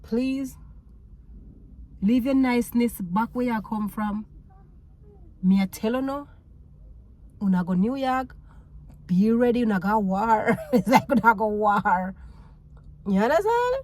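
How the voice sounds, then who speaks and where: A Jamaican woman vlogging, telling a story in a casual, animated way, laughing often and mixing patois with English. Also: fairly high pitch, slow, long pauses.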